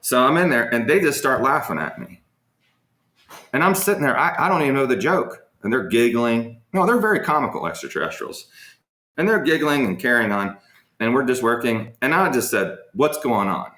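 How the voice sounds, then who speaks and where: A man's voice: mid-range voice, very animated, moderate pace, bright, forceful tone. A man hosting a casual live Q&A, telling rambling stories full of fillers and answering viewers' questions. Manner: rambling, anecdotal, frequent fillers. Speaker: host of a live Q&A. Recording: echoey room.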